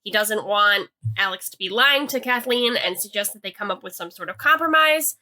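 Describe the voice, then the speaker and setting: Recapping a TV episode on a podcast she co-hosts, a young woman speaks at a moderate pace in a medium-pitched, animated voice that sounds bright and pushed. She chats loosely, leans on "like" and hedging, and reads quotes aloud.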